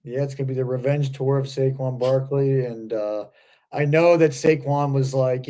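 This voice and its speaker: A man's voice: medium pitch, steady tone, normal speed, warm tone. An easygoing man co-hosting a sports podcast in casual chat. His voice sits mid-range and rambles along with loose fillers. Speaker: podcast co-host.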